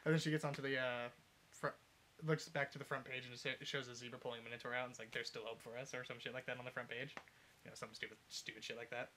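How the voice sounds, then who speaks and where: A young man casually retelling a fan story, rambling and swearing, sometimes shouting out the characters' lines. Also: medium pitch, little pitch movement, racing, a little hiss or hum. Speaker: podcast co-host retelling a fanfic. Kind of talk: casual chat, uncensored storytelling.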